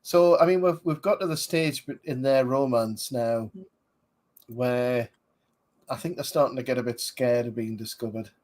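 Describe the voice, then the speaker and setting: A man's voice: medium pitch, normal speed, a little mellow. A man, rambling casually as a podcast host reviewing a film, with many fillers. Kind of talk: casual movie commentary.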